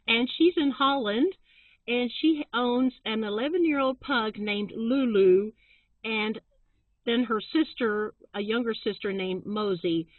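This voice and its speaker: This middle-aged woman co-hosts a casual chat, her voice slightly high and the recording dry, with a thin, phone-like quality. She's friendly and talkative, laughing a lot while recommending channels.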